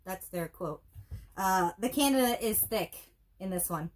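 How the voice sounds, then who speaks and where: A woman's voice: mid-range voice, lively intonation, a little slow. A woman co-hosting a casual movie review show, with wry, dry joking asides. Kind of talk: casual chat.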